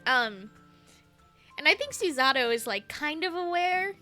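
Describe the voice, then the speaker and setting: A woman's voice: sits high, lively intonation, a little slow, bright, forceful tone, faint music behind. A woman streamer chatting casually with a friend, rambling and giggly as she recaps a game's story. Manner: giggly, rambling, swears freely. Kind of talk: casual let's-play chat.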